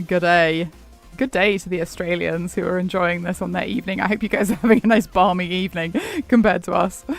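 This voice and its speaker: Man, high pitch, casual game stream chat, laughs a lot, faint background music. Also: flat delivery, fairly quick, gravelly. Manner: chatty, rambling, laughs often, answers chat. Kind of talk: casual live-stream chat while gaming.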